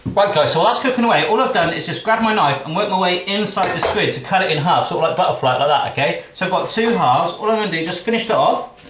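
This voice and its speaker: A man hosting his cooking show in a home kitchen, talking to a camera on a tripod. He rattles along at a quick pace in a slightly high voice, joking as he goes. The kitchen sounds echoey, with faint noise behind him. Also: lively intonation. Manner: playful, jokey and chatty. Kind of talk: casual cooking demonstration.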